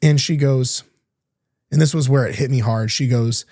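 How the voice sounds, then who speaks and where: A young man hosting a podcast speaks in a candid, earnest coaching tone, dropping the odd swear word. His voice is mellow and relaxed, at an ordinary pitch. The recording is dry and close, with no room sound. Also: normal speed, no room sound. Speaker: podcast host. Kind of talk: casual coaching monologue.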